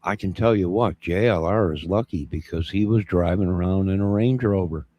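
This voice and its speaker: Deep husky man rambling on a stream. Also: moderate pace, warm tone. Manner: rambling, repeats himself. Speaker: livestream co-host. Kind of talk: casual rambling chat.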